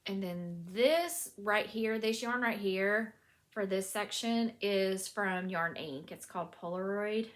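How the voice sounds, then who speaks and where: A woman's voice: mid-range voice, slow. Southern US woman, knitting vlogger; chatty, gushing show-and-tell at home, mid-range voice. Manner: gushing, chatty, lots of fillers. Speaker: knitting podcast host. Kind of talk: casual show-and-tell vlog.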